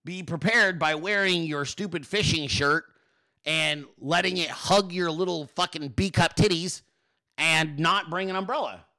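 A podcast host ranting through political commentary in a profane, mocking and sarcastic way. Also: male voice, on the high side, a little slow, sharp tone.

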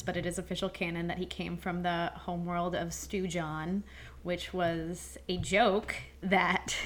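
A woman with a fairly low voice co-hosts a relaxed podcast conversation. She talks in a measured, unhurried way, often pausing on "um" and moving the discussion along with questions. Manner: measured, steers the talk with questions, frequent "um" pauses. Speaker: podcast co-host.

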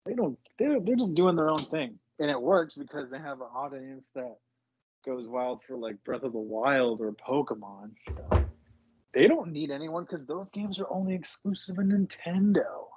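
A man's voice: a little high, moderate pace, darkish tone, slight background noise. A man co-hosting a podcast, chatting casually in a rambling, hesitant way that repeats its starts, on a muffled lo-fi recording. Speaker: podcast co-host. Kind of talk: casual chat.

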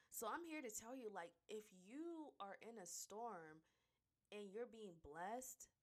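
A young woman hosting a casual faith-based podcast, talking warmly to her listeners, laughing often and getting emotional to the point of tears. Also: fairly low pitch. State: tearful, near crying. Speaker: podcast host.

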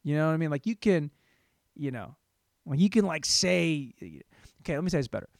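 A man in his thirties rambles through a crude, self-mocking comedy monologue, and his pitch swings all over the place. His voice sits a little high for a man. The sound is dry and close, with no room echo. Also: lively intonation, brisk, creaky. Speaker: podcast host. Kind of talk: solo comedic podcast monologue.

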